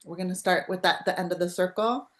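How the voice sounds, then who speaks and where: A woman with a lowish voice and fast delivery hosts a live spiritual podcast over a video call. She talks casually and chattily, rambling, restarting often, and interrupting herself with laughs.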